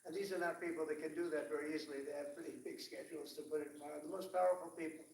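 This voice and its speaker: A man's voice: a little high, steady tone, racing, a little mellow, a little hiss or hum. A man giving an off-the-cuff public speech to foreign dignitaries, rambling with repeated superlatives and ad-libbed asides. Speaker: head of state addressing foreign dignitaries. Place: large hall at a formal gathering. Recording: echoey hall picked up from a distance.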